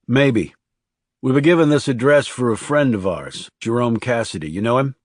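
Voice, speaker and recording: A man voicing a tense, guarded male government assassin in an audiobook, calm and firm. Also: mid-range voice, moderate pace, no room sound, clean studio sound, lightly acted.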